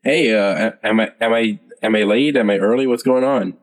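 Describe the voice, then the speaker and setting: A man's voice: on the low side, moderate pace, close to an everyday voice. A man doing Pavroff, a sheepish dragonborn. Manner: laid-back, fumbling, friendly. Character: casual, apologetic male dragonborn guard. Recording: long hall reverb.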